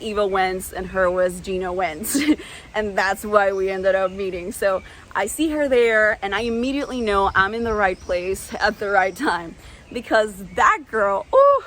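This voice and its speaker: A woman's voice: mid-range voice, a bit bright, slight background noise, low-quality recording. A young woman vlogger telling a personal story with lots of "like", gasping and squealing when she acts out her past self. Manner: peppers speech with "like".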